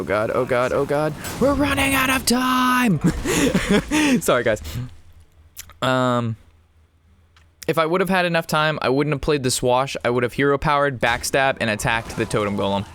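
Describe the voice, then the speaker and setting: A man in his twenties with a mid-range, slightly bright voice rambles casually through commentary on his own card game match, mixing in an anecdote. He swears and laughs a lot, and the recording has a little hiss or hum.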